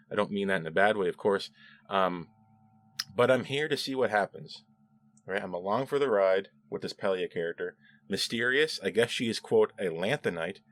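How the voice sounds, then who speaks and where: A man's voice: fairly low pitch, a bit bright. A man giving a casual solo review of a TV episode, chatty and sarcastic, now and then quoting dialogue in mocking voices.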